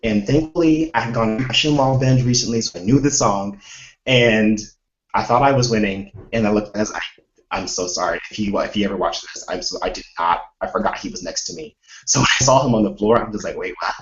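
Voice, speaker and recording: A man's voice: on the low side, a little fast, reverberant, lo-fi sound. A man chatting casually, rambling through a story with lots of restarts. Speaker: live chat participant. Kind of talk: casual chat.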